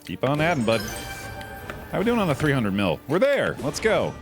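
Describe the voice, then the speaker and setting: A man's voice: medium pitch, huge pitch swings, normal speed, over music. Laid-back man streaming a game. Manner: laid-back, chatty, calls chat dude and bud. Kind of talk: casual gameplay commentary.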